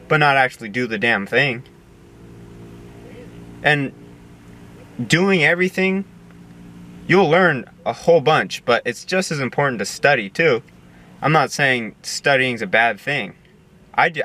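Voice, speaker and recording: A man's voice: mid-range voice, pushed and bright. A young man giving an earnest casual monologue, often repeating words as he searches for them. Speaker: video essayist.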